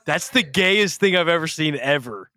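A man's voice: fairly high pitch, animated, moderate pace, sharp tone, dry recording, studio quality. A man co-hosting a podcast, reacting with crude jokes in casual chat.

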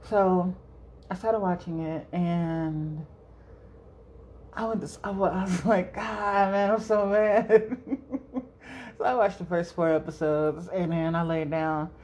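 A woman's voice: lowish voice, a little slow, long pauses, warm tone. A young woman hosting a solo podcast, rambling casually, swearing freely and laughing often. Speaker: podcast host.

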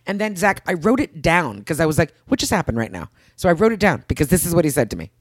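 Animated woman telling a story. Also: quick pace, husky, no echo, studio quality. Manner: animated storyteller, acts out quotes with big pitch jumps. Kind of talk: casual chat.

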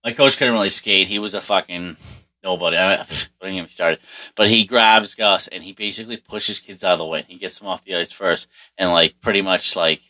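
A low-pitched man with a forceful, tense edge to his voice tells a rambling personal story. He swears nearly every sentence and leans on casual fillers as he goes. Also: brisk.

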